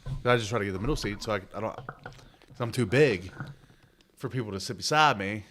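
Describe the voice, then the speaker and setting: A man's voice: lowish voice, a little fast, fairly bright tone, slight background noise. A man co-hosting a podcast, telling a long, profane travel story in casual chat and acting out the people in it. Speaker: podcast co-host.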